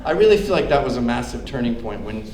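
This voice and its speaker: A man's voice: mid-range voice, big pitch swings, fast. A man giving a comedic, provocative speech to a live audience at a club event, acting out quoted voices. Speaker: guest speaker at a club event. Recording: echoey room with background noise.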